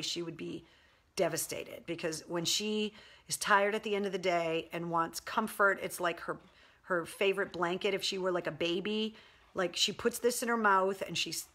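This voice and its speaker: A woman's voice: lowish voice, pushed and bright. A woman hosting a casual livestream from home, talking loosely and rambling, with lots of fillers, about her puppy. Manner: chatty, rambling, baby talk to her dog. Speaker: live stream host.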